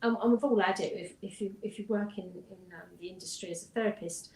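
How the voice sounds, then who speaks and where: A woman's voice: mid-range voice, fast talker, a little mellow. A woman, a hypnotherapist, chatting casually in an interview and telling client stories with frequent ums and restarts. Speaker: hypnotherapist guest. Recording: roomy echo.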